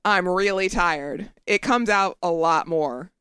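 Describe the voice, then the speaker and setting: A woman's voice: fairly low pitch, takes it slowly, a bit bright, clear, resonant tone, dry recording. A woman co-hosting a podcast in casual chat, dry and teasing. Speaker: podcast co-host.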